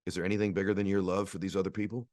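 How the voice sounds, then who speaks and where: Low voiced guy preaching motivation, earnest, keeps asking questions, dry close sound. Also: level tone, very fast, a little mellow, no room sound. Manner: earnest, repetitive rhetorical questions. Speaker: motivational speaker. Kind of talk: motivational speech to an audience.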